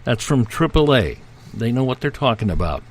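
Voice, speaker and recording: A man's voice: mid-range voice, big pitch swings, moderate pace. A man hosting a casual news roundup, reading items and adding wry joking asides. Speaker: host.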